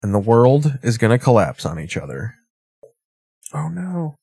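A man's voice: lowish voice, very animated, brisk, warm tone, breathy edge. A man streaming and reacting to a show in casual, rambling, sarcastic commentary, swearing often.

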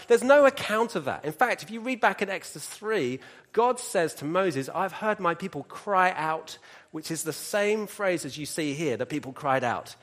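A man's voice: on the high side, sing-song, moderate pace, a bit bright. A middle-aged man preaching a sermon, mixing scripture with humorous personal stories and asides to the congregation.

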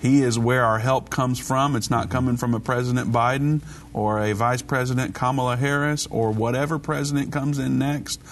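A man hosting a Christian call-in radio show, talking briskly and conversationally while preaching to callers. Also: mid-range voice, fairly even intonation.

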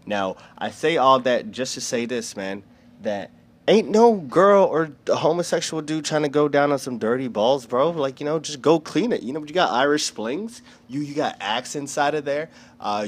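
A man's voice: mid-range voice, animated, normal speed. A man in his twenties from the United States, delivering a rambling, profane comedic rant.

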